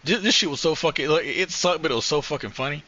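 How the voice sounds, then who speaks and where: A man's voice: a little high, quick pace, sharp tone, muffled recording. A man co-hosting a podcast, telling gaming stories in casual chat and swearing freely. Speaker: podcast co-host.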